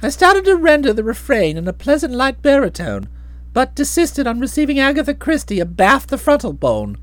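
A woman narrating a comic novel for an audiobook, playful and full of expression. Her voice sits high and moves all over the place, and the recording is close and dry. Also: wildly swooping pitch, moderate pace, no echo.

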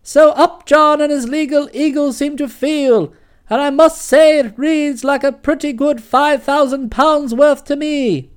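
A forthright aunt in a storybook, brisk and emphatic in a steady, assured tone; a woman does her. She speaks with a firm, matter-of-fact edge. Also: sits high. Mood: dry.

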